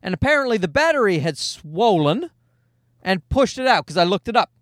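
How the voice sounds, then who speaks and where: A man's voice: high-pitched, normal speed, no echo, clean studio sound. Guy in his 30s podcasting solo, swears a lot, pokes fun at himself, voice swings all over. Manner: animated, profane, self-mocking. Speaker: podcast host. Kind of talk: casual solo podcast storytelling.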